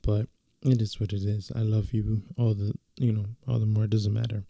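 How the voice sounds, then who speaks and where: Young guy telling a story, deep and gravelly, super dry sound, lots of um and uh. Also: a little fast, no echo, lo-fi sound. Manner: relaxed and slangy, with lots of fillers and restarts. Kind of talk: casual storytelling.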